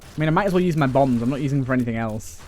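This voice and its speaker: A man's voice: mid-range voice, very fast, a little mellow, a little hiss or hum. A young man giving casual, joking commentary while he plays a video game, grumbling and swearing at it. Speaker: let's play gamer.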